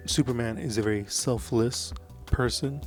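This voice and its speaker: A man's voice: medium pitch, normal speed, faint music behind. A man talking casually about films he watched, loose and rambling with plenty of fillers and real enthusiasm. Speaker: vlogger reviewing movies. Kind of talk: casual movie review chat.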